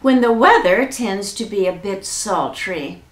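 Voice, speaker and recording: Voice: medium pitch, animated, a little slow, echoey room, close to an everyday voice. A woman voicing a polite, wordy man who wants to join a pirate crew, in a children's storybook reading. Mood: prim. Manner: polite and proper. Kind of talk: storybook read-aloud for children.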